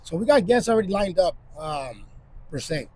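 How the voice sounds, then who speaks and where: High-voiced man co-hosting a plant podcast. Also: big pitch swings, normal speed, warm tone, low-quality recording. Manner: loose, joking, talks over his brother. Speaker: podcast co-host. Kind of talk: casual chat. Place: plant nursery beside a shed. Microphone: small cheap mic.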